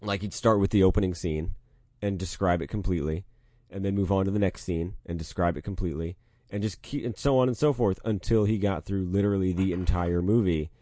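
A man's voice: low voice, fairly quick, no room sound. A man co-hosting a podcast, chatting casually and acting out people in his stories. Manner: animated storyteller, mimics people. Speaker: podcast co-host. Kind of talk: casual chat.

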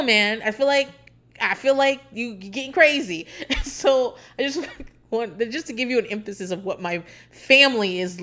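A young woman from Virginia hosting a podcast, chatting casually, cursing freely, laughing a lot and acting out quotes in a high voice. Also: a bit bright. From Hampton Roads, Virginia. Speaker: podcast host. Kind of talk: casual storytelling chat.

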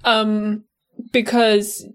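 A woman with a softened Irish accent from Cork, co-hosting a casual podcast discussion and rambling animatedly. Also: mid-range voice, drawn-out words, smooth. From Cork, Ireland. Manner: animated, rambling, self-interrupting. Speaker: podcast co-host.

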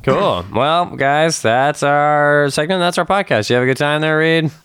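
A man's voice: a little high, a little slow, fairly bright tone, slight background noise. A man hosting a comedy podcast, chatting casually and laughing easily. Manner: laughs easily, wraps up the show. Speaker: podcast host.

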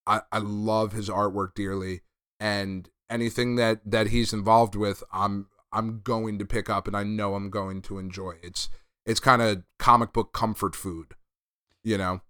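Bright, crisp-voiced man recapping comics. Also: on the low side, flat delivery, measured pace, dry recording, studio quality. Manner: laid-back, profane, enthusiastic recapping. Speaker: podcast host reviewing comics. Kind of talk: casual chat.

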